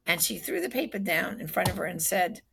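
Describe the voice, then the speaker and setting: A woman telling a story in a lively, conversational way, with frequent fillers, who acts out the quoted speech. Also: on the low side, a little fast, vocal fry, slight background noise. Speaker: speaker recounting a personal acquaintance's story.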